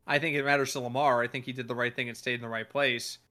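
A man hosting a casual sports podcast, talking in an animated way, swearing and acting out what other people said. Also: medium pitch, fast. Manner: animated, swears, acts out quoted voices. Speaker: podcast host.

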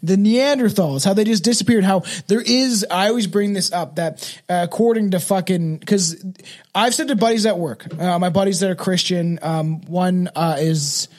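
A man with a fairly high voice hosts a podcast. He rambles in casual chat, reads from notes and stumbles through fillers and restarts. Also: moderate pace, darkish tone. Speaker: podcast host.

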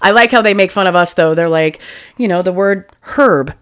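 A woman's voice: lowish voice, normal speed, clean tone. A woman co-hosting a casual true-crime podcast, profane and jokey. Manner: profane, jokey, bursts into silly put-on accents. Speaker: podcast co-host.

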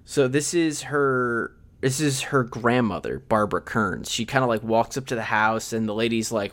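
A man co-hosting a podcast, rambling through a movie plot recap in casual chat and slipping in quick quoted lines. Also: mid-range voice, a bit bright. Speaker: podcast co-host.

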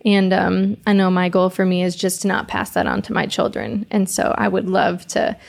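A woman's voice: mid-range voice, flat delivery, normal speed, vocal fry, a little mellow. A young woman hosting a casual podcast chat, reflecting supportively and affirming her guest.

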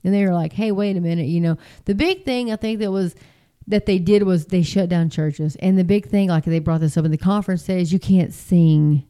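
A chatty middle-aged woman, talking straight to her viewers. Her voice is mellow and smooth, and she keeps jumping into high mocking voices. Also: fairly quick. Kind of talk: casual spoken monologue.

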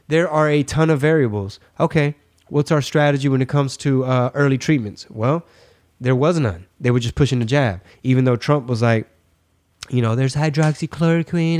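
A man from Texas co-hosting a casual podcast, talking in a loose, slangy, animated way with a slightly stuffy, congested voice. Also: medium pitch, normal speed. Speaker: podcast co-host. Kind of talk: casual political podcast banter.

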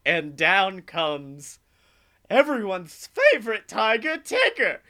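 A man co-hosting a podcast, telling a comedic story in an animated, profane way and laughing as he goes. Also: sits high, slow pace. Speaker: podcast co-host.

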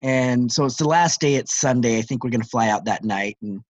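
A middle-aged man co-hosting a podcast, telling a story in an animated way with lots of fillers and restarts. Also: mid-range voice, a little fast, no echo. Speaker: podcast co-host. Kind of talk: casual podcast chat.

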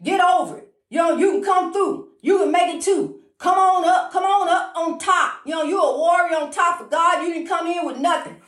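High-voiced woman preaching, calling you honey. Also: roomy sound. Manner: repetitive, emphatic, calls the listener honey; talks fast when excited. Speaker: inspirational speaker. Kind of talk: informal preaching monologue.

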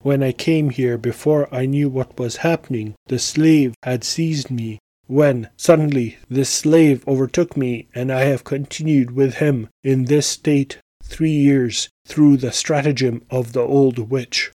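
A man's voice: medium pitch, steady tone, measured pace, few pauses, dark tone, no echo, lightly acted. A frightened captive young woman, as a male reader speaks her. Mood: subdued.

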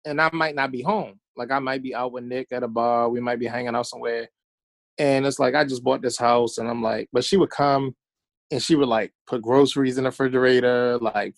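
A man's voice: mid-range voice, no room sound. A man, a podcast guest telling loose stories in casual chat and acting out what people said. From Baltimore. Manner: loose storytelling, acts out quotes.

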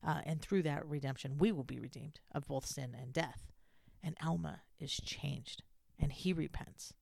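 A woman giving a casual scripture lesson in a conversational, halting way with many restarts. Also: low voice, vocal fry, darkish tone, dry recording, clean studio sound. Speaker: scripture teacher.

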